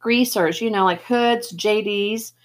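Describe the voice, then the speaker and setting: A woman's voice: medium pitch, takes it slowly, lightly acted. A frightened teenage boy speaks weakly but tries to sound tough, as a woman reading aloud puts him on. His words come out shaken and unsure. It sounds like a storybook being read aloud. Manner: weak, shaken, a little tough. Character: scared, hoarse teenage boy narrator.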